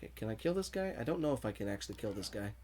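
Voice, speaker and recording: A man's voice: fairly low pitch, big pitch swings, very fast, dark tone, slight background noise. A man streaming a video game, chatting casually, reading viewer messages aloud and laughing often. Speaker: gaming streamer. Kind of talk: casual livestream commentary.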